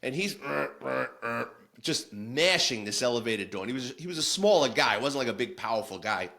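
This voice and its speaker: A man's voice: medium pitch, lively intonation, a little fast, gravelly, sharp tone. A man, a former police detective telling war stories in a casual, blunt, salty way with frequent restarts. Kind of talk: casual storytelling.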